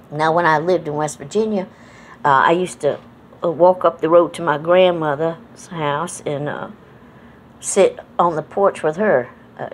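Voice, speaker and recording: A woman's voice: low-pitched, slight background noise. A middle-aged woman from New England with an accent mixing Southern and Northern American, rambling in a folksy, casual way with many fillers. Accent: mixed Southern and New England American. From New England, United States. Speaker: vlogger. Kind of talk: casual reminiscing monologue.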